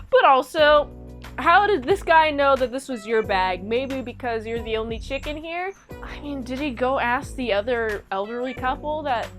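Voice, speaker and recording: A woman's voice: sits high, moderate pace, faint music behind. A young woman casually recapping and reviewing a TV episode, chatty and rambling. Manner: chatty, rambling, animated retelling.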